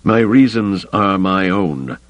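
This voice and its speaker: Man reading as a slow, imperious old Jedi Master. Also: sits low, animated, no echo. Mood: curt. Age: older. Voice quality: slow, deliberate, commanding.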